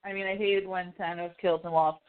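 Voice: medium pitch, level tone, fast talker, slight background noise. A podcast host chatting casually about films, rambling with lots of fillers and frequent swearing. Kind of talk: casual pop-culture chat. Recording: phone-like narrow band.

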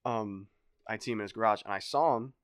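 A young man telling a story in a casual podcast chat, animated and swearing, acting out other people's voices. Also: fairly low pitch, brisk, clear, resonant tone, no echo, studio quality. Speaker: podcast guest.

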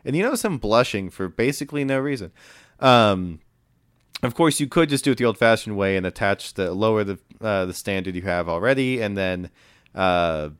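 Low, smooth-voiced male game master. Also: normal speed, no room sound, studio quality. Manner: relaxed, with frequent fillers. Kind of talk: narrating a tabletop game.

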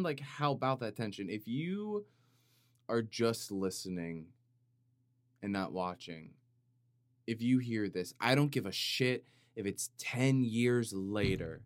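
Speaking slowly and pausing often, a man with a fairly low, animated voice delivers a rambling comedic podcast monologue. He interrupts himself and builds up jokes with playful, mock-dramatic flair. The sound is clean studio audio from a compressed studio microphone, with no echo.

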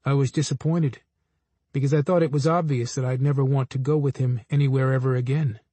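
A man reading a memoir aloud in a steady, measured storytelling voice. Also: mid-range voice, slightly rough, no echo. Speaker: narrator. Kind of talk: audiobook memoir narration.

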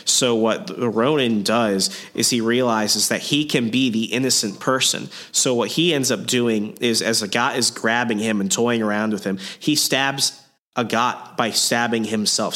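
A man's voice: medium pitch, a little slow, fairly bright tone. A man hosting a podcast, casually recapping a comic book story with slang, cursing and many fillers. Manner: casual, profane, lots of fillers. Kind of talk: casual chat.

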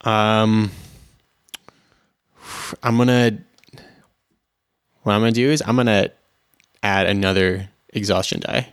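A man's voice: on the low side, fairly even intonation, slow, pauses often, clear, resonant tone, dry recording, clean studio sound. A man playing a tabletop role-playing game, thinking aloud hesitantly with many restarts. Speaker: player.

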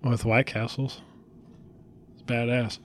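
Laid-back podcast host, man, mumbly, middle pitch. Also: flat delivery, slow, a little hiss or hum. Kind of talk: casual chat.

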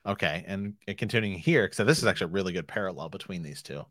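A man's voice: deep voice, animated, fast, a bit bright, no room sound, clean studio sound. A man co-hosting a podcast, earnestly talking through a book in casual discussion and rephrasing his points as he goes. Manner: earnest, piles up rephrasings while explaining. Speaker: podcast co-host.

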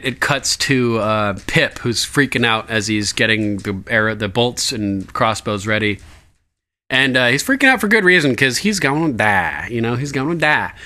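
A man hosting a casual recap chat, animated and laughing, swearing freely. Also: medium pitch, unhurried. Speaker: podcast host.

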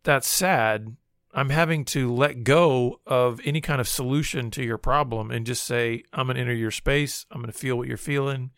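A man's voice: medium pitch, steady tone, a little fast, few pauses, fairly bright tone, no room sound, studio quality. A man in conversation, thoughtfully restating and reflecting on ideas. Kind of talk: conversational discussion.

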